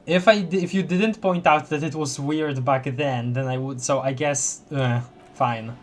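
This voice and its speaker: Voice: medium pitch, steady tone, measured pace, slight background noise. Chatty streamer playing a detective game. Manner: chatty, laughs often, reads game text aloud. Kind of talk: casual let's-play commentary.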